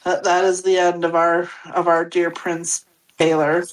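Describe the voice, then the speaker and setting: A woman's voice: on the low side, flat delivery, measured pace, low-quality recording. A woman co-hosting a podcast, talking casually and rambling with many fillers. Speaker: podcast co-host. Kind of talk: casual chat.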